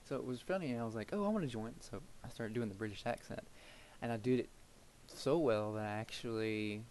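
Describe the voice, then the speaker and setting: A man's voice: medium pitch, slight background noise, low-quality recording. Rambling young man narrating gameplay. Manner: rambling, thinks aloud while building, trails off into soft murmurs. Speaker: gameplay commentator. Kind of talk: casual let's-play commentary.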